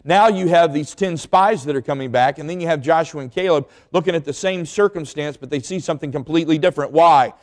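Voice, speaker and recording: A man's voice: a little high, quick pace, few pauses, darkish tone. A middle-aged man preaching a sermon, emphatic and full of rhetorical questions. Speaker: pastor. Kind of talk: sermon with storytelling.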